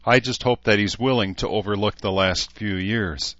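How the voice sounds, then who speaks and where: A man's voice: on the low side, normal speed, fairly bright tone, dry recording, highs cut off, natural voice. A man voicing a tired, bitter middle-aged mother who has been through a lot. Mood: weary.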